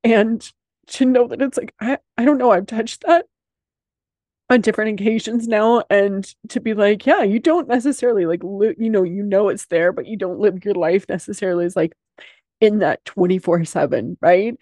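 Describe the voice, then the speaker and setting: A woman hosting a podcast, chatting casually, earnest and expressive with some casual swearing. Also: medium pitch, moderate pace, no echo, studio quality. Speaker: podcast host.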